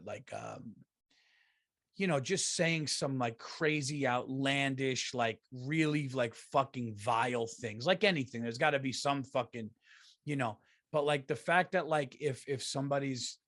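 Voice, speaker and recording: A middle-aged man, hosting a comedy podcast and ranting profanely, swinging from loud outbursts to low mutters. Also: dry recording, studio quality.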